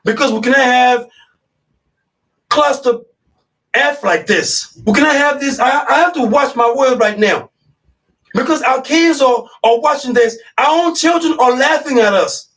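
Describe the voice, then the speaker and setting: A man's voice: very high-pitched, unhurried, a bit bright, recorded from a distance, low-quality recording. A man hosting a live radio talk show, speaking in an impassioned, repetitive way and calling his listeners y'all.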